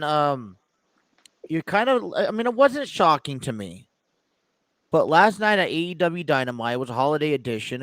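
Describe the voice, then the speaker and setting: Halting, rambling male podcast co-host. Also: medium pitch, fairly bright tone, clear, resonant tone, no echo. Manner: rambling, hesitant, many restarts. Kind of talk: casual chat.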